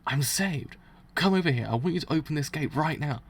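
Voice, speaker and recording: A man voicing a scheming priest villain, gravelly. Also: fairly high pitch, a little fast. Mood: frantic, indignant. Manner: muttering, counting prime numbers to steady himself. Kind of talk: reading manga aloud with voices.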